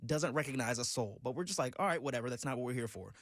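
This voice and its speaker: A man on a radio morning show telling a story in a casual, animated way and often breaking into laughter. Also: medium pitch, rapid-fire, dry recording, clean studio sound. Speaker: radio co-host. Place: radio studio.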